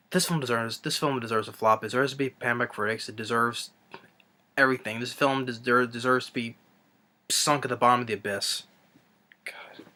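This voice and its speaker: Exasperated young man ranting, bright voice. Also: medium pitch. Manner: exasperated, halting, many restarts. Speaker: movie reviewer. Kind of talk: ranting movie review.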